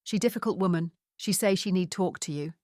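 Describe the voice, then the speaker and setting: A man's voice: high-pitched, fairly quick, darkish tone, no room sound, studio quality, natural voice. A woman voicing a burly Romanian driver and hired muscle who speaks in broken, clipped English. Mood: blunt.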